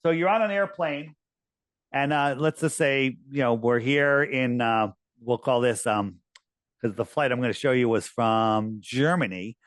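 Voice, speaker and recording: A man in a casual interview who talks in an animated, persuasive way and often restarts his sentences. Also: mid-range voice, unhurried, no echo. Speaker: interviewee, flat-earth promoter.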